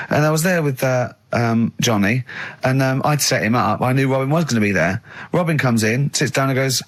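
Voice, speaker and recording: A man's voice: mid-range voice, normal speed. A man hosting a radio chat show from a studio, telling a story animatedly and mocking his co-host, laughing often. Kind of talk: casual radio banter.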